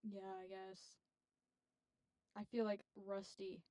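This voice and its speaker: A woman's voice: medium pitch, level tone, slow, mellow, low-quality recording. Laid-back young woman co-host. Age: young adult. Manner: laid-back, tired-sounding. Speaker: podcast co-host. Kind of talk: casual chat.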